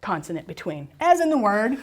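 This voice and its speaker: Lively woman teaching spelling rules. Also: medium pitch, a little fast. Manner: lively, encouraging, asks and answers her own questions. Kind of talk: classroom lesson on spelling rules.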